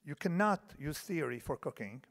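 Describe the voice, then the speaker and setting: Speaking at normal speed, a man in his fifties delivers a digressive conference lecture as keynote speaker, his voice high-ish, creaky, fairly bright, and lively in intonation. He often restarts and checks in with listeners by asking "okay?" The large conference hall gives the recording a long reverb.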